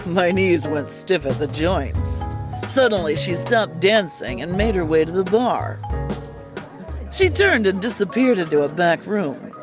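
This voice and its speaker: A woman narrating a hardboiled comic mystery story in a wry, deadpan, theatrical way. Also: lowish voice, measured pace, over music.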